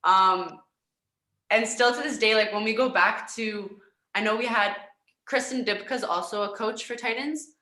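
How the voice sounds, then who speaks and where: Young canadian woman, laughy and chatty, bright tense voice, echoey. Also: mid-range voice, unhurried. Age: young adult. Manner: giggly, upbeat, chatty. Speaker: guest, professional volleyball player. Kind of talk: casual interview chat.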